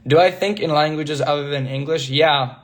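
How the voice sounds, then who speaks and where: A man's voice: on the high side, normal speed. A young man in his twenties on a phone livestream, chatting casually and answering viewer questions, switching languages and laughing often. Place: indoors, working away from home.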